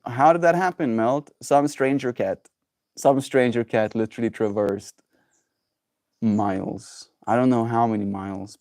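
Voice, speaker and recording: A man's voice: gravelly, mellow, no room sound, studio quality. Playful man chatting on a livestream. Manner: rambling and playful, with high baby talk to his pets. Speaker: daily livestreamer. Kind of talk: casual livestream chat.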